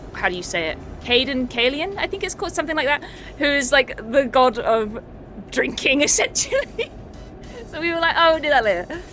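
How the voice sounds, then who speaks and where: A woman's voice: mid-range voice, bright, forceful tone. A woman streamer chatting casually, swearing and laughing often as she recaps a tabletop game.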